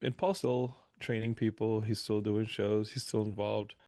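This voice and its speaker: A man on a podcast as a guest, telling animated stories in a casual interview. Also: on the low side, moderate pace, no room sound. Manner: animated anecdotal storyteller.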